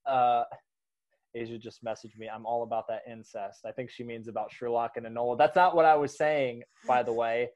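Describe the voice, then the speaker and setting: A man hosting a casual movie discussion, animated, laughing often and trailing off into restarts. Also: medium pitch, brisk, dull audio. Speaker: podcast host.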